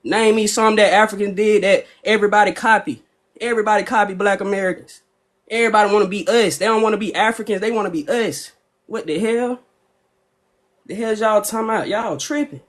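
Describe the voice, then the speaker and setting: A man's voice: high voice, steady tone, a little fast. A man in a heated live debate, slangy and confrontational, firing off rhetorical questions. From Atlanta, US.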